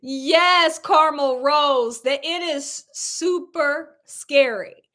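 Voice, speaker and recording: A woman hosting a cooking livestream, telling a story to her viewers in a lively, animated way and laughing often. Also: high-pitched, very slow. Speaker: cooking channel host on a livestream. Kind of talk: casual livestream chat with viewers.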